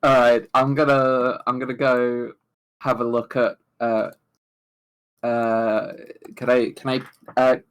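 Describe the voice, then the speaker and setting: A man's voice: medium pitch, little pitch movement, slow, smooth, rough recording. A man playing in a casual tabletop game, sarcastic and swearing freely. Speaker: player.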